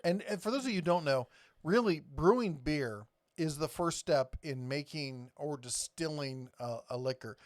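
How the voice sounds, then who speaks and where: A man's voice: medium pitch, a little mellow, no room sound, clean studio sound. A man hosting a casual live stream chat, joking and teasing, rambling from one topic to the next.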